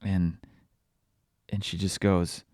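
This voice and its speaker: A man's voice: sits low, level tone, slow pace, a little mellow, dry recording, clean studio sound. A young man hosting a podcast, telling candid, self-deprecating stories in a confessional, casual way. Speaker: podcast host. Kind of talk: casual personal podcast talk.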